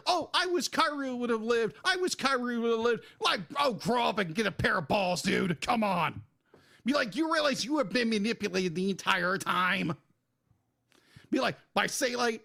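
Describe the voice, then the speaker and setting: High-pitched ranting man with gravelly edge. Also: pushed and bright. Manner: heated, ranting, exasperated. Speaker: podcast co-host. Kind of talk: casual review chat.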